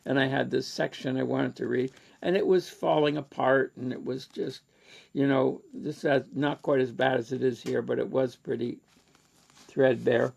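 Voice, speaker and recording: A man's voice: medium pitch, steady tone, moderate pace, creaky, a little mellow. A man with a Canadian accent telling a rambling personal story in a casual lecture, with many fillers and restarts.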